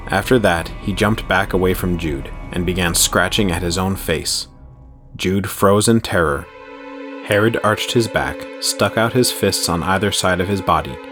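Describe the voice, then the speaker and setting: A man reads a horror story aloud in a steady, measured way. His voice sits very low and even. Faint music runs quietly underneath. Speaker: narrator. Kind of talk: scripted horror story narration.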